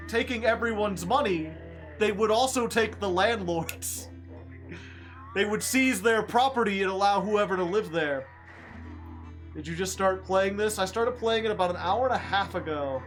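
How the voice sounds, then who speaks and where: A man streaming a game, reading its story text aloud in a quiet voice and breaking off for joking asides to chat. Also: high-pitched, measured pace, soft background music.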